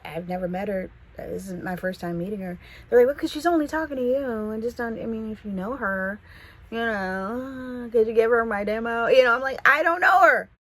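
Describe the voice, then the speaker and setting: A woman from the San Fernando Valley with a Californian accent, telling a casual storytime vlog in a chatty, animated way. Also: on the high side, low-quality recording. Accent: Californian English. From Los Angeles, the Valley. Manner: chatty, animated, quotes people in voices.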